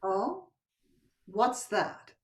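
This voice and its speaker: On a video call, an older woman reads a stage play as a coy, teasing wife who is cheating, her manner soothing with the odd whisper. Her mid-range voice is very animated, and she draws out her words. The microphone sits a bit far from her.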